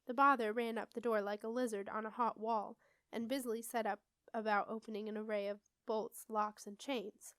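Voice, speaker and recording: A woman's voice: on the high side, normal speed, no echo. Woman reading a storybook, dry close sound. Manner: steady expressive read-aloud. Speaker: audiobook reader. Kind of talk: storybook narration.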